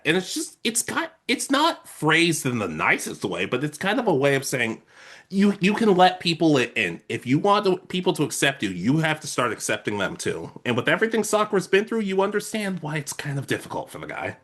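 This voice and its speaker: A man's voice: a little high, huge pitch swings, brisk, fairly bright tone. A young adult man co-hosting a casual anime podcast, recapping episodes animatedly and acting out characters' lines. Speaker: podcast co-host.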